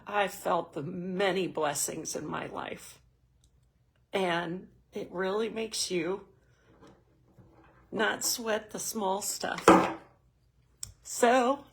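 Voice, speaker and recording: A middle-aged woman with a creaky, medium-pitched voice hosts a motivational talk for a women's group. Earnest and heartfelt, she shares emotional stories and at times sounds close to crying.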